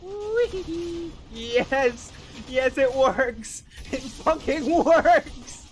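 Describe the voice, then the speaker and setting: A man's voice: high voice, animated, slow, fairly bright tone. A man streaming games, making silly noises and laughing through his words in casual commentary.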